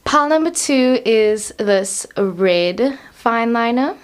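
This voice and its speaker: A woman's voice: fairly high pitch, lively intonation, takes it slowly. A woman, chatting and rambling in a bubbly way as she hosts a casual tarot reading vlog. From South Africa. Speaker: tarot reader.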